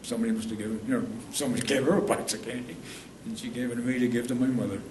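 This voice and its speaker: A man's voice: mid-range voice, steady tone, racing. A man in his eighties from New York State, rambling through war memories in an oral history interview and correcting himself as he goes. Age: 80s. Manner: rambling storyteller who corrects himself mid-sentence. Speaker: veteran interviewee. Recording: roomy, distant mic, faint noise.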